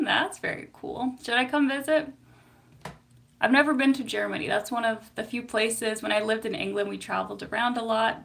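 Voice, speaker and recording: A woman's voice: on the high side, moderate pace, creaky, fairly bright tone. A woman therapist chatting casually on a live stream, giggly and full of fillers. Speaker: psychotherapist.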